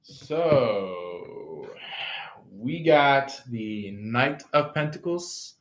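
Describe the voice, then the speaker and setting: Man, casual tarot reading, slow drawl, lots of ums, roomy echo. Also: mid-range voice, expressive. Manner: rambling, halting, full of fillers. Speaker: tarot reader.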